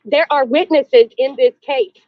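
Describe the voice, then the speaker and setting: A woman's voice: high-pitched, a little slow, dry recording, muffled recording. A woman on a call, defending herself with curt, defensive denials in a heated argument. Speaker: caller.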